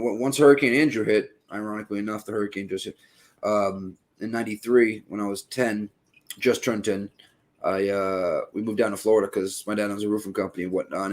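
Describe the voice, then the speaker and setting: A man with a Boston accent and a fairly low voice, chatting loosely on a podcast. He rambles, restarts his sentences and swears freely. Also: a little mellow. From Boston area. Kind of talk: casual podcast chat.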